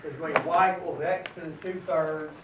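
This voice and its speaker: A man with a high voice teaches a math class in a folksy manner, tossing questions at the room and answering them himself. He sounds far from the mic in an echoing classroom. The recording is dull and lo-fi, with a faint hiss underneath. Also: fairly even intonation, a little fast. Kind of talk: classroom lecture.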